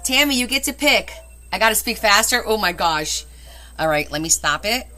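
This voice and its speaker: A cheerful woman hosts a live online auction, announcing bids and laughing between them. Her voice is crisp and bright, and she talks in a chatty, friendly way, recorded on a phone. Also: mid-range voice, lively intonation, moderate pace. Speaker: host selling scrapbooks in a live auction.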